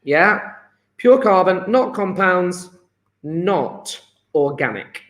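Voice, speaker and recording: A man's voice: sits high, lively intonation, extremely slow, a bit bright. A man teaching a chemistry lesson to students, chatty and encouraging, often checking with "yeah?". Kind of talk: live online lesson. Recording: echoey room.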